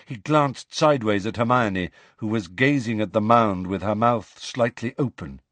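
A man narrating an audiobook in an expressive storytelling manner. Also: on the low side, normal speed, dry recording. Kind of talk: scripted narration.

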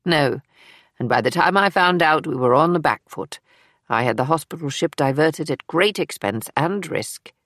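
A brisk older spymaster with a dry, matter-of-fact edge and a lowish voice, as a woman reads her in an audiobook. The recording is close and dry. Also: expressive, fairly bright tone, dry recording. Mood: guarded. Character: older woman, former wartime intelligence officer, brisk and wry. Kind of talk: audiobook character reading.

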